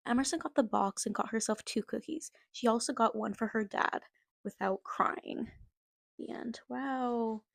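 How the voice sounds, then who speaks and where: A young woman hosting a podcast, casually reading aloud from childhood stories and breaking off into giggly, amused comments. Her voice is a bit high, with a husky, breathy grain and vocal fry. She is recorded close on a microphone in a dry room at home. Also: no room sound. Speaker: podcast host.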